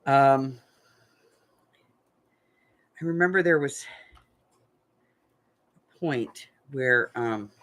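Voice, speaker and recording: A woman's voice: very deep voice, extremely slow, pauses often, fairly bright tone. An older woman, a craft channel host, chatting frankly and laughing as she tells family stories. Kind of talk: casual storytelling chat.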